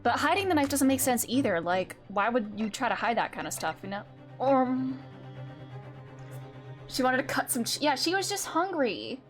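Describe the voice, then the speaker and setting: A woman's voice: high-pitched, sing-song, moderate pace, over music. A woman streamer chatting casually and rambling while she plays a courtroom game.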